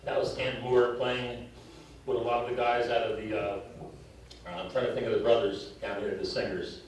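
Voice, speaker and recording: A man's voice: medium pitch, little pitch movement, moderate pace, slight background noise. Older man coaching drummers in echoing hall. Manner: coaching, counting off and storytelling. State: out of breath. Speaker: drum clinician. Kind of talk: live drum clinic teaching. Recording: distant mic in echoey hall.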